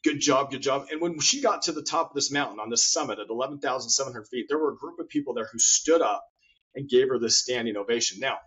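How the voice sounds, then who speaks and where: A man's voice: mid-range voice, fast talker, fairly bright tone, husky, lo-fi sound. A man, a guest author in an interview conversation, telling stories earnestly and often repeating his words as he goes.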